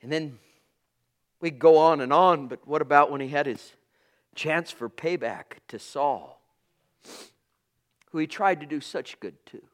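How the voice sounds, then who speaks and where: A man preaching a sermon with passion, swinging from loud calls to hushed asides. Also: fairly high pitch, unhurried, long pauses.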